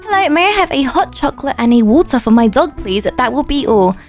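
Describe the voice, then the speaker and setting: A courteous customer with a dog in a game roleplay, as a woman reads her part, speaking in a high, even, polite way. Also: brisk, faint music behind. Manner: politely reading out a customer's typed order.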